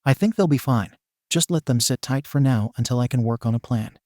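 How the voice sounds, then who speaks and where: Playful confident lady mentor, a guy voicing her, smirky, warm low-key voice. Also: brisk, dry recording, studio quality, natural voice. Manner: assured, smirking.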